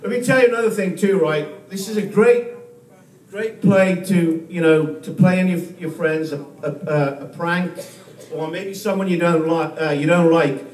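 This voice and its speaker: Halting stand-up comic man, echoey room. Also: a little high, darkish tone. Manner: halting delivery with repeated words and restarts. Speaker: stand-up comedian. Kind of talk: stand-up comedy set. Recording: echoey room, mic far off, faint noise.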